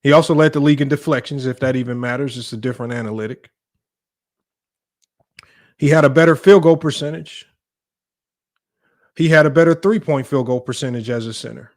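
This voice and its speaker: A man's voice: medium pitch, a little fast, long pauses. A man hosting a sports debate live stream, ranting in an exasperated, heated way to his viewers.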